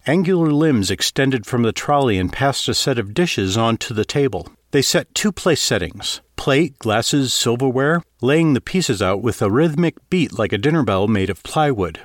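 Expressive male audiobook narrator. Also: mid-range voice, moderate pace, hardly any pauses, dry recording, clean studio sound. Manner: expressive, steady storytelling.

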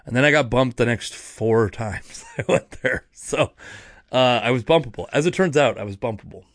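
The young man here, a stand-up comedian and podcast host from the Seattle area, has a mid-range voice and a moderate pace. His casual monologue of road stories is rambling and self-mocking with many restarts, recorded in studio quality without echo.

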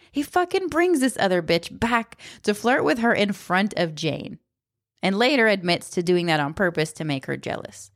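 A woman's voice: fairly low pitch, no echo, studio quality. A woman in her thirties giving blunt, sarcastic spoken commentary, swearing freely. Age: 30s. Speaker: book commentator.

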